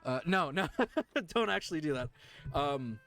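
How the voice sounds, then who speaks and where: A man streaming live, talking earnestly and emotionally to his chat, with halting restarts. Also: a little high, lively intonation, fairly bright tone, faint music behind.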